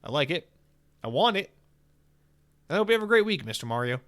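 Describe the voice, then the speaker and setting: A male podcast host talking casually on his own show. He is animated and sarcastic, drops profanity easily and fills his talk with casual fillers. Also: on the high side, a little fast. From United States.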